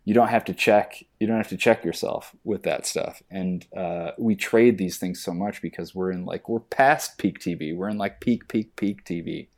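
At a normal speed with few pauses, this man's low voice carries a casual podcast chat. He is an actor who tells lively stories, playing out the exchanges in mocking voices.

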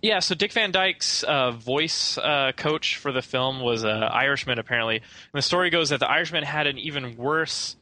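A young man chatting casually about a film as a podcast co-host, bright and forward in tone. He rambles and hedges, with plenty of "um" and "you know," circling back on his own sentences. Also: medium pitch, expressive, normal speed, rough recording. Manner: rambling, hesitant, many fillers and restarts.

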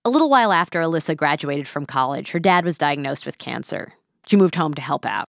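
A woman podcast host who narrates a scripted story in a measured way and interviews a guest. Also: sits low, lively intonation, gravelly, no echo, clean studio sound.

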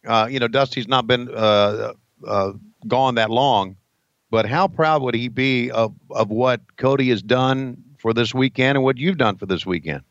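A man's voice: medium pitch, unhurried, no room sound, lo-fi sound. A man co-hosting a casual podcast, folksy and emotional, often stumbling over his words. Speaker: co-host, former wrestling announcer.

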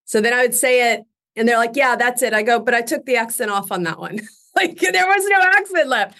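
A woman's voice: fairly high pitch, steady tone, a little fast, fairly bright tone. A middle-aged woman, a guest actress in a casual interview, telling stories and laughing often.

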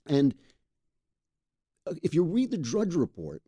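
This political talk show host speaks in a fairly high, mellow, slightly rough voice with huge pitch swings and a measured pace. Working from a makeshift studio, he chats casually and wryly, often cracking himself up.

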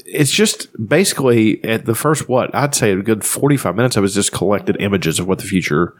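A man's voice: lowish voice, lively intonation, a little fast. A man chatting casually on a podcast, rambling and swearing freely as he retells movies. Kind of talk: casual chat.

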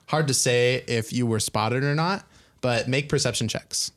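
A man's voice: mid-range voice, a little slow, fairly bright tone. A young man narrating a tabletop game as game master, loose and rambling with many fillers.

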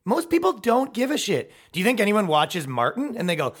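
A man in his thirties hosting a podcast, ranting in a heated, profane, comedic way and mimicking people in quick put-on voices. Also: sits high, wildly swooping pitch, husky. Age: 30s. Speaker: podcast host.

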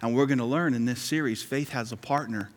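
A man's voice: medium pitch, brisk, a little hiss or hum. A male pastor preaching a sermon in a conversational, joking way, repeating key lines. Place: church sanctuary. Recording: hall reverb.

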